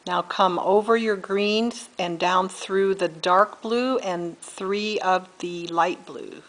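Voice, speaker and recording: Slow, patient woman teaching beadwork. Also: medium pitch, a bit bright, poor audio. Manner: slow, patient, counts beads aloud, corrects herself. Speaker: beading instructor. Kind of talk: step-by-step craft tutorial.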